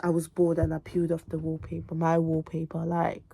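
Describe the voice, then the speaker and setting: A woman's voice: low-pitched, monotone, brisk, creaky, mellow, husky. A young woman, chatting casually to camera from her bedroom, emphatic and repetitive, tired from revision. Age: late teens. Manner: emphatic and repetitive, calls viewers babes and girl. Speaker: student vlogger. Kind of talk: casual direct-to-camera chat.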